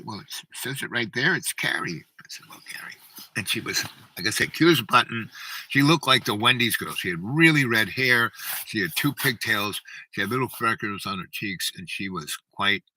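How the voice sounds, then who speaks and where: A man's voice: lowish voice, animated, moderate pace, pushed and bright, a little hiss or hum, low-quality recording. An older man hosting a livestream, telling a long rambling story to his chat and often tagging "right?". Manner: rambling, keeps asking "right?". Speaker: livestream host.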